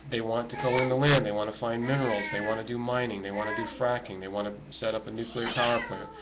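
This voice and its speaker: A man's voice: mid-range voice, fairly even intonation, fast. Impassioned middle-aged man ranting to camera. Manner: emotional, urgent, preachy. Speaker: activist vlogger. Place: home with children nearby. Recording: dull lo-fi home recording with noise.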